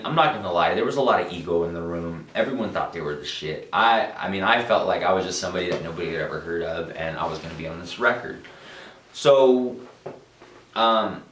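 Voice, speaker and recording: A young adult man answering interview questions with lively storytelling, acting out quotes and restarting often. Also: low voice. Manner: animated storyteller, acts out quotes, frequent restarts. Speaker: musician interviewee. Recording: roomy, distant mic.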